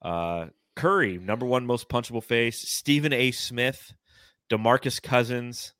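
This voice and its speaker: A man's voice: medium pitch, a little slow, a bit bright, no echo, clean studio sound. A man hosting a casual sports podcast, joking and blunt with some swearing, reading viewer comments from a live chat. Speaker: podcast host.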